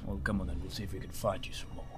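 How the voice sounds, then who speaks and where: A man's voice: deep voice, flat delivery, rapid-fire, fairly bright tone, pitched below the performer's own voice. Fields: man playing a stiff butler. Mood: curt. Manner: formal, clipped, curt politeness. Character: stiff male butler serving a gentleman.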